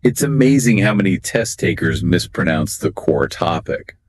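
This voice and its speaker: In a scripted lesson dialogue with another host, a low-voiced man emphatically explains English exam phrases and pronunciation. He sounds expressive and talks at normal speed.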